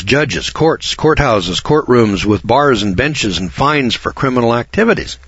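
An older man from Idaho telling a story, rambling and halting at first, then reading slowly and deliberately from notes. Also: mid-range voice, fairly bright tone, husky, no room sound, lo-fi sound. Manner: rambling, halting restarts, slow deliberate emphasis. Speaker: speaker telling a personal story.

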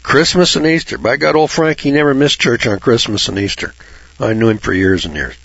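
A man's voice: mid-range voice, expressive, a little fast, creaky, fairly bright tone, no room sound. A man giving informal Bible commentary in a blunt, folksy way, swearing freely and mocking churchgoers with sarcastic asides. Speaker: Bible teacher. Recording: dull lo-fi recording.

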